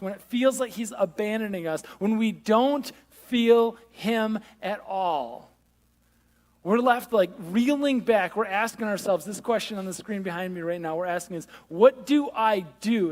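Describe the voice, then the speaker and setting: A male pastor giving a conversational sermon with self-deprecating humor, drawing the congregation in. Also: high-pitched. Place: large church hall. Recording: long reverb of a church hall.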